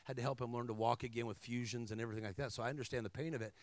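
A man preaching a sermon as a guest speaker, telling stories energetically with humor, asides to the crowd and emphatic shouts. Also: mid-range voice, very fast, dry recording. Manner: energetic storytelling with humor and call-and-response asides; emphatic, rising to shouts at climaxes.

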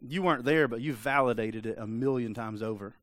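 A male pastor preaching a sermon in an emphatic, conversational way, dropping into quiet, intense asides and acting out voices. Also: medium pitch, a little fast, no echo.

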